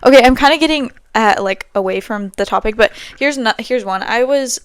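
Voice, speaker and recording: A woman's voice: fairly high pitch, brisk, clean tone, no echo, clean studio sound. A young woman hosting a podcast, telling stories in a rambling, casual way with lots of fillers. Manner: chatty, rambling storytelling with many fillers. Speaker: podcast host. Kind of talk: casual chat.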